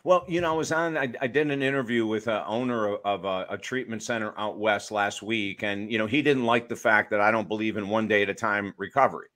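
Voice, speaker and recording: A man's voice: lowish voice, a little fast, hardly any pauses. Emphatic storytelling male counselor. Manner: emphatic, storytelling, lively asides. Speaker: author and addiction counselor. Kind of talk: podcast interview conversation.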